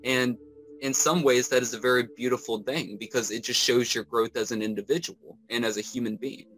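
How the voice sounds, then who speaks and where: A man's voice: mid-range voice, steady tone, brisk, a bit bright, soft background music, poor audio. A man hosting a podcast, talking in an earnest, reflective way with casual swearing. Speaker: podcast host.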